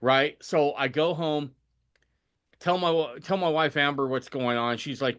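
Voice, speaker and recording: Bright-toned male podcast host. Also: fairly high pitch, unhurried, smooth, lo-fi sound. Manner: animated, often tags sentences with "right?". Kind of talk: casual storytelling.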